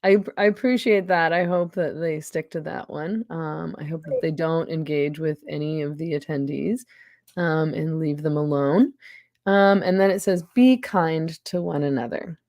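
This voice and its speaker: Woman podcast host, sardonic and laughing, lowish voice, dry close sound. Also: steady tone, moderate pace, a little mellow, no echo. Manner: sardonic, laughing often, frequent restarts. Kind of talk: casual conversation.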